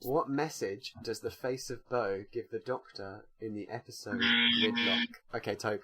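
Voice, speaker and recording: A man's voice: mid-range voice, fairly even intonation, unhurried, sharp tone. A man co-hosting a podcast, who reads out quiz questions and explains the answers at length in casual chat. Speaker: podcast co-host running a quiz.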